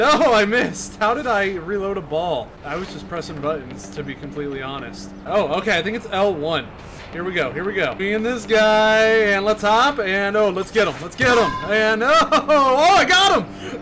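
A young man giving excited commentary over a basketball video game, often yelling and laughing during play. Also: sits high. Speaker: gaming YouTuber.

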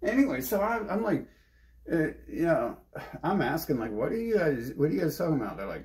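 A man's voice: on the high side, very animated, brisk, darkish tone. A man streaming alone, ranting in a restless, agitated way, swearing heavily and jumping from topic to topic. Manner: heavy swearing, restless, jumps between topics. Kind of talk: agitated rambling monologue.

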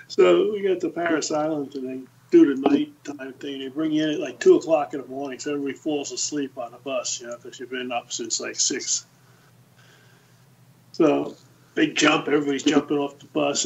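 A man in his sixties, a podcast guest, telling lively anecdotes in a casual storytelling style. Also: on the high side, normal speed, creaky, dull audio, slight background noise. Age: 60s. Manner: lively anecdotes, acts out the quoted voices.

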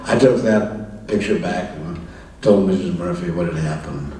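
An older man telling stories from his life as an interview guest on stage, chuckling often and pausing with fillers. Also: low-pitched, mellow, a little hiss or hum. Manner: anecdotal, chuckling, halting with fillers. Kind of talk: live stage conversation, storytelling. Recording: roomy, distant mic in a hall.

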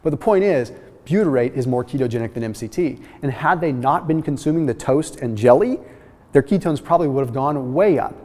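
A man talks through nutrition science with energy and emphasis, pausing to check in with his viewers. His voice sits at an ordinary middle pitch. A long reverb trails behind his words. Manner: energetic, emphatic, with frequent "okay?" check-ins. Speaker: host. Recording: reverberant room with long echo.

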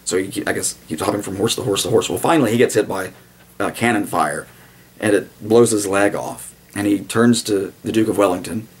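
A man's voice: lowish voice, brisk, breathy edge. A man giving a blunt, digressive video commentary, with sarcastic asides and sudden mock voices for the people he quotes. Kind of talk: casual commentary monologue.

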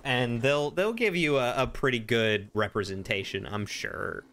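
Bright-voiced chatty male streamer. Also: mid-range voice, measured pace, hardly any pauses. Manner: rambling, chatty, answers viewers. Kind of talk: casual live-stream chat while gaming.

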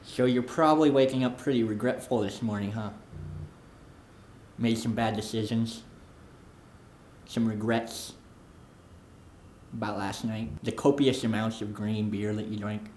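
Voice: huge pitch swings, takes it slowly, a little hiss or hum. A performer doing a wild, smug would-be leprechaun man. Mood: muttering. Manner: erratic, swinging from manic shouts to low mutters. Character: boastful oddball aspiring leprechaun man. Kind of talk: comedy sketch monologue. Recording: roomy echo.

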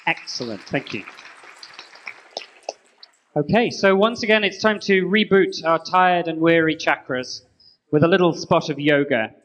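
A man co-hosting a live conference roundup, joking in a deadpan way. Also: on the high side, unhurried, pauses often, muffled recording, a little hiss or hum. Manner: playful, deadpan jokes. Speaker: co-host.

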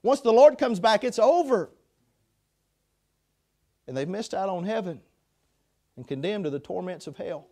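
A man preaching a sermon in a chapel, passionate, swinging between loud pleas and hushed passages. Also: high-pitched, expressive, unhurried, long pauses.

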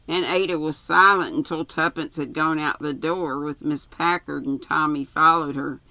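An older woman slowly reading a novel aloud as a storyteller. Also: sits low, fairly even intonation, sharp tone, no echo, rough recording.

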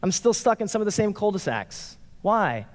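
Pastor, forties, male, bright and high; chatty, animated sermon delivery in a church sanctuary. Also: normal speed. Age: 40s. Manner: animated, playful, acts out quotes. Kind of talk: casual conversational sermon. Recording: long reverb of a large hall.

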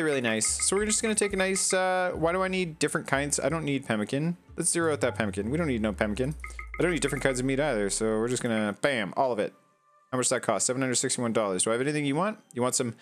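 Guy chatting thru his game, average pitch, joking with the colonists, soft music under it. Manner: chatty, talks back to game characters. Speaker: gaming channel host. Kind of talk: casual let's-play commentary.

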